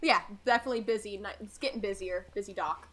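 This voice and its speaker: A woman's voice: medium pitch, fast talker, fairly bright tone. A woman running a tabletop role-playing game as game master, narrating casually with lots of fillers and laughter.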